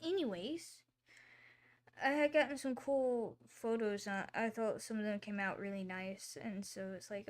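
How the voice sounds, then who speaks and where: A woman chats casually as she hosts her own livestream, wandering from thought to thought. Her talk is full of fillers and quick apologies, and her voice sits at an ordinary, middle pitch. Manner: rambling, chatty, with many fillers and apologies. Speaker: livestream host.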